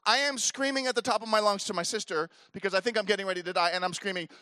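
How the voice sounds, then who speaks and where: A man in his forties telling a story to a live audience at an event, animated and acting out the voices of the people in it. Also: sits high, very fast, dry recording, studio quality. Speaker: speaker at a youth leader event.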